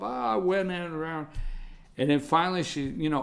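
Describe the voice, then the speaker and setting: A man hosts a live morning show and talks in a rambling, self-deprecating monologue. His voice sits a little high for a man. He tells his stories in an animated, chatty way. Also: normal speed. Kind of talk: casual talk show monologue.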